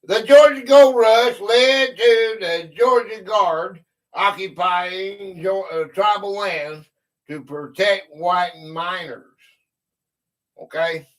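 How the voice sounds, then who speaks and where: A man's voice: high-pitched, slow, low-quality recording. A man hosting a casual live game stream, reading quiz questions aloud with a drawl and chuckling at his own stumbles.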